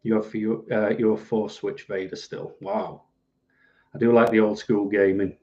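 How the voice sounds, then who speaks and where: A middle-aged man rambles through a casual live stream from home, poking fun at himself as he answers viewers. His voice is dark and mellow, and the webcam audio comes through a bit dull and lo-fi. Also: fairly low pitch, level tone, measured pace. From United Kingdom. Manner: rambling, self-deprecating, reads out viewer comments.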